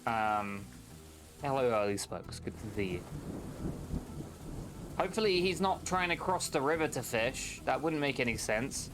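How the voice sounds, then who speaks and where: A man's voice: mid-range voice, lively intonation, unhurried, pauses often, noisy background. A young man casually commenting on a game during a live stream, exasperated with the characters, swearing and laughing often.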